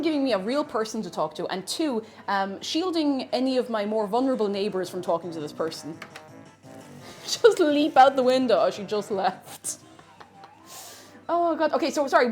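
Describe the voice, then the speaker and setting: A young Irish woman hosting a baking livestream from her home kitchen, chatting and rambling through stories with frequent laughs. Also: mid-range voice. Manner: chatty, rambling storyteller who laughs often. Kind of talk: casual chat while baking.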